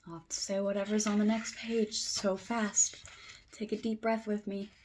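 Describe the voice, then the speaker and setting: A woman's voice: mid-range voice, little pitch movement, moderate pace, a little mellow, slight background noise. Brief: young woman teacher, kids' circle-time read-aloud, playful, trips over tongue twisters. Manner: playful, stumbling through tongue twisters, talking to young viewers. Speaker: teacher reading aloud to children. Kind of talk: children's storybook read-aloud.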